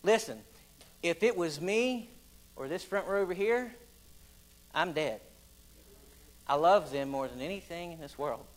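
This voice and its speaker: A man preaching a folksy sermon, building to loud, emphatic stretches. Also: fairly high pitch, expressive, measured pace, pauses often, poor audio. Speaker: pastor.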